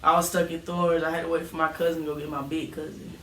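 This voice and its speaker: Man co-host, high and bright voice, lively storyteller, sits back from the mic in an echoey room. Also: fast, slight background noise. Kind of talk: casual chat. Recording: roomy, distant from the mic.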